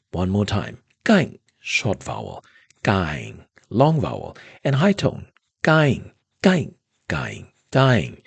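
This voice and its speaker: A man teaching reading, slow and patient, saying each word twice. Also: low-pitched, darkish tone, slightly rough, no echo, clean studio sound. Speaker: language teacher. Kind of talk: recorded language lesson.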